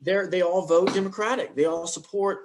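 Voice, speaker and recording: A man's voice: high voice, steady tone, moderate pace, noisy background. A man co-hosting a podcast, rambling through his political opinions in casual chat. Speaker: podcast co-host.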